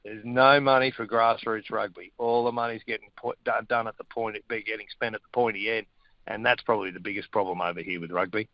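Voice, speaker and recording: A man's voice: lowish voice, level tone, fast, no room sound. Blunt Australian man on a dull line. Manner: blunt, opinionated, wry. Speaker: weekly guest commentator. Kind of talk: casual radio chat.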